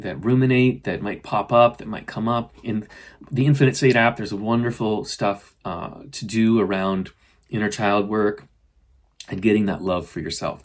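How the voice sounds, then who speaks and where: A middle-aged man, host of a spiritual podcast, talking earnestly and gently about self-love, often voicing his own inner dialogue. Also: medium pitch. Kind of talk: casual spiritual self-help talk.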